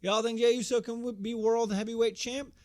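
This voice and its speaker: A man putting on a loud, pumped-up male wrestler hyping a crowd in a rising, hollering delivery. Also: very high-pitched, flat delivery, a little fast, pitched above the performer's own voice. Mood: hyped.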